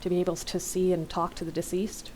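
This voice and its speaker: A woman reading the part of a quiet, grieving father in soft plain dialogue. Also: high voice, completely flat delivery, fairly quick, slight background noise, lightly acted. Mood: wistful.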